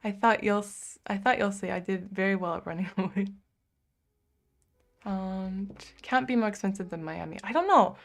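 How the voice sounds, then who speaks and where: A woman's voice: mid-range voice, normal speed. A young woman with an American accent, chatting casually on a live stream, answering viewers and padding her talk with "like" and light laughs. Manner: chatty, fills speech with "like", laughs often. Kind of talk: casual chat, reading out viewer comments. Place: home streaming room.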